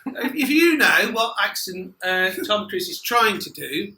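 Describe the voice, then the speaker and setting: A man co-hosting a casual film chat, making dry, wry remarks. His voice sits high and sounds very bright. The room is echoey, with a faint hiss behind him. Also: very animated, unhurried. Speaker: podcast co-host.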